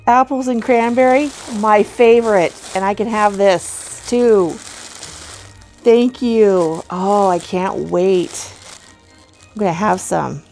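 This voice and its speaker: A middle-aged woman chatting casually as she unboxes giveaway gifts, gushing with excited oohs and soft gasps. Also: mid-range voice, slow, soft background music. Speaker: vlogger unboxing a giveaway box.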